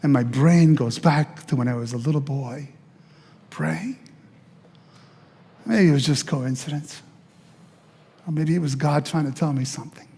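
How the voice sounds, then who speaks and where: An older pastor tells his personal testimony with animated storytelling, stumbling over restarts and acting out the voices he quotes. His voice sits fairly high for a man. It rings with the long reverb of a church hall. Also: measured pace, gravelly, pauses often, breathy edge.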